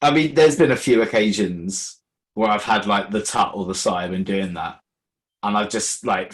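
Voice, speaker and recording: A man, a podcast guest in casual chat, talking in a wry, rushed way and tripping over his words. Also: lowish voice.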